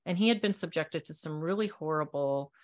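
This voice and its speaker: A woman from Texas with a Texan accent, hosting a live stream in an earnest, halting way with many restarts. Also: low voice. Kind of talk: casual live-stream chat.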